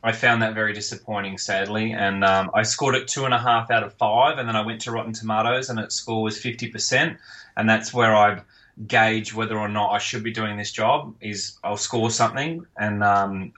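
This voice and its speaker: Bright-voiced Australian man chatting. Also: fairly low pitch, low-quality recording. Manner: chatty, joking, many fillers. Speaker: guest film reviewer. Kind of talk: casual podcast chat.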